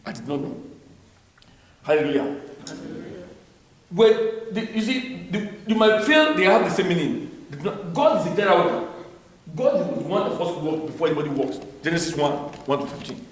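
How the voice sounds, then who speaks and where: A middle-aged man with a Nigerian accent teaching the Bible in a church, talking haltingly with many repeated words. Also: sits high, lively intonation. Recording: very echoey room, faint noise.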